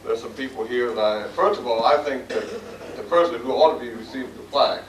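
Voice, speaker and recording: A man's voice: medium pitch, quick pace, slight background noise. A man with a Midwestern American accent giving a folksy, self-deprecating acceptance speech full of jokes in a banquet room. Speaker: award recipient giving a speech. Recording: echoey hall taped from far off, loud crowd. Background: crowd murmur and laughter.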